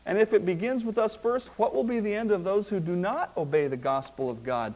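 Male pastor, sermon delivery, high voice, emphatic with loud and soft swings. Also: lively intonation, rough recording. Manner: emphatic, slowing down to stress key words; swings between hushed asides and loud rising emphasis. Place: church.

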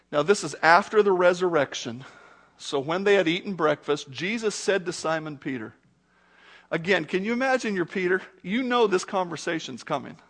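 High-voiced middle-aged male preacher. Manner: animated, conversational preaching with rhetorical questions. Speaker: pastor. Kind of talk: sermon.

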